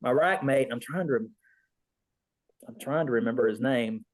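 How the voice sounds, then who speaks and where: A man's voice: mid-range voice, normal speed, poor audio. A man, a veteran, telling a rambling story in an interview, acting out the voices of people he quotes. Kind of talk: casual storytelling.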